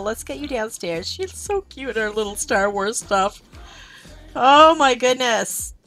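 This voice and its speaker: A woman's voice: mid-range voice, fairly bright tone. A woman streaming a game live, gushing and talking to her game characters as she plays. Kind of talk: live-streamed gameplay commentary. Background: game music.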